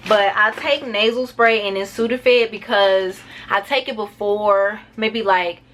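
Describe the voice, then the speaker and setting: A woman's voice: medium pitch, fairly even intonation, fairly bright tone, slight background noise. Chatty woman vlogger. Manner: chatty and rambling, addresses viewers as y'all; talks fast at times to keep it short. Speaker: travel vlogger. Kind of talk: casual packing vlog.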